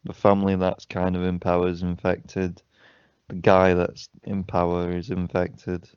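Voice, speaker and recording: A man's voice: sits low, completely flat delivery, measured pace, a little mellow, clear, resonant tone, no echo. A man co-hosting a casual podcast over a video call, swearing and laughing often as he chats. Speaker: podcast co-host. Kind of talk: casual chat. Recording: dull lo-fi call audio.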